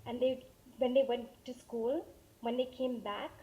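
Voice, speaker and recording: A woman in her forties on a discussion panel, telling a personal story in a lively way with acted-out quotes, speaking into a handheld mic. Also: a little high, a little slow. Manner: animated storyteller, acts out quotes. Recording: dull lo-fi panel recording.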